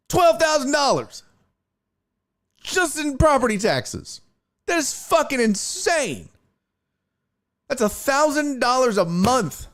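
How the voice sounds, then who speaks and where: Hosting a live sports talk stream, a man rants angrily and curses, his voice swinging between near-shouts and low mutters.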